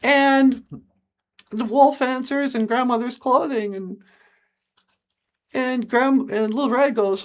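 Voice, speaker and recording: A woman's voice: on the high side, steady tone, slow pace, long pauses. A woman podcast host telling a story in a chatty, casual way, laughing often and filling in with asides.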